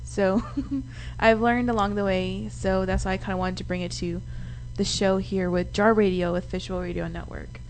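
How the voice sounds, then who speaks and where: A woman's voice: medium pitch, level tone, slight background noise, low-quality recording. Giggly woman teaching Spanish on radio. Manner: giggly, careful, speaks slowly. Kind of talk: casual radio chat. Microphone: studio microphone.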